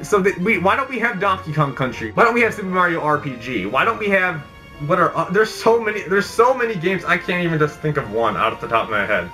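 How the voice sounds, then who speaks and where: A man's voice: sits high, sing-song, fast, sharp tone. A young man hosting an unscripted opinion vlog, rambling and exasperated, with mock outrage and self-aware asides. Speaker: YouTube channel host. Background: background game music.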